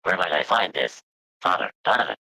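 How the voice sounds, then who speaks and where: A man's voice: low-pitched, sing-song, fairly quick, sharp tone, no echo, exaggerated voice, poor audio. A man voicing a formal, polite robot companion through a robot voice modulator, speaking in clipped machine phrases. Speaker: player. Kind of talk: voicing a character in a tabletop game.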